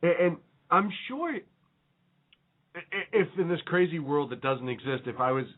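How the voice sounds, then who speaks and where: A man's voice: a little high, expressive, moderate pace. A man co-hosting a radio talk show, bantering casually with many fillers and laughing often. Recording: phone-like narrow audio.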